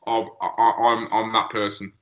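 A man's voice: lowish voice, little pitch movement, a little slow. A man co-hosting a casual podcast, laid-back, often stumbling and repeating his words. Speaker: podcast co-host. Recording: dull lo-fi sound in an echoey room.

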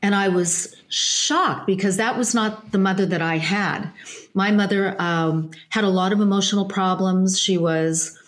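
A woman telling a personal story in an earnest, halting way, with fillers and restarts. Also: mid-range voice. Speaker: guest. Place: Laguna Beach area.

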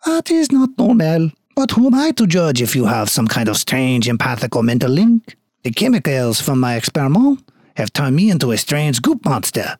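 A man's voice: mid-range voice, sing-song, normal speed, a little mellow, dry recording, clean studio sound. A man voicing a vengeful male vintner turned goop monster, with a fake French accent in a theatrical villain monologue.

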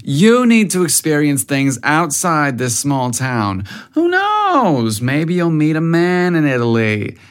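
A man voicing an excitable, doting middle-aged mother who gushes dreamily, in an audiobook reading. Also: fairly high pitch, slow, hardly any pauses, voice pushed up. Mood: gushing. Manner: gushing, dreamy.

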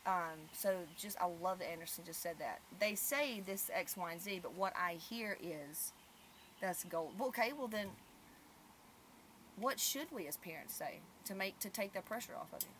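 A woman, a mother hosting a casual podcast chat and telling stories with lively swings in loudness. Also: lowish voice, normal speed, a little hiss or hum. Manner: animated storyteller, swings loud when telling stories.

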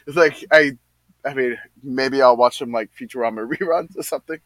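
A man with a mid-pitched voice co-hosts a casual sports podcast. He rambles through his stories, laughs along with them and pokes fun at himself. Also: fairly quick, fairly bright tone, dry recording, poor audio. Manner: rambling, self-mocking, laughs while telling stories. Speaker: podcast co-host, league commissioner.

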